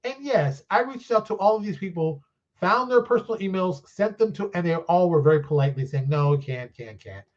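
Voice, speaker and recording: A man with a slightly higher voice who talks as a guest on a live interview stream. He is an animated, chatty storyteller who keeps slipping into the voices of the people he quotes. The sound is a bit dull and lo-fi, like remote call audio. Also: fairly quick. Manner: chatty, loose and self-deprecating. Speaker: game designer and publisher guest.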